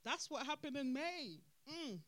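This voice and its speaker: Unhurried and pitched high, a podcast host laughs and repeats points for emphasis while giving animated, casual commentary on events. No room sound is present.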